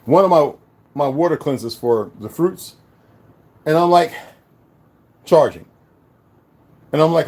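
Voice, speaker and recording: Profane, animated man telling a story. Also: fairly high pitch, measured pace, long pauses. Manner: profane, animated, addresses viewers as y'all. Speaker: vlogger. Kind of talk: casual storytelling to viewers.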